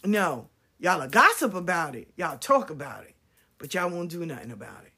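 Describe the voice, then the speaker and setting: A woman's voice: fairly low pitch, sing-song, moderate pace, pushed and bright, breathy edge. A woman in her fifties telling an impassioned personal story, blunt, profane and fiery.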